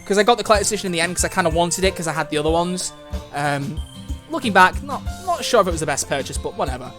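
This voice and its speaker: Casual young man doing a visual novel let's play, quick to fret, higher voice, soft music under. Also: animated. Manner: chatty, reactive, frets aloud. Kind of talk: reading a visual novel aloud with commentary. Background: soft game music.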